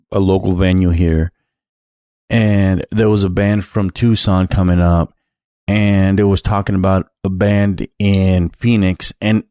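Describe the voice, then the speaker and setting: A man's voice: low-pitched, a little mellow, no room sound, clean studio sound. A man hosting a casual solo podcast, talking bluntly and swearing freely, rambling with many fillers and restarts. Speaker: podcast host.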